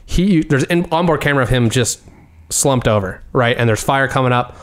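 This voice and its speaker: A man chatting casually as a podcast guest, a relaxed storyteller who explains in detail. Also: medium pitch, moderate pace. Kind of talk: casual chat.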